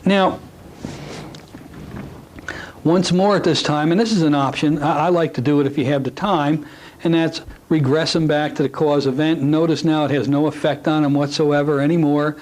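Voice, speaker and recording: A man's voice: on the high side, fairly even intonation, normal speed, darkish tone, rough recording. A man teaching a hypnosis technique to a class in a folksy, conversational way, dropping in asides to the audience. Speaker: hypnosis instructor.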